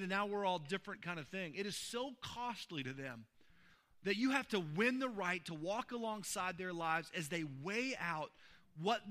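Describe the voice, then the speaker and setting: A man's voice: high voice, bright, forceful tone. A man preaching a sermon as a pastor, earnest and building to emphatic peaks while telling personal stories in a church.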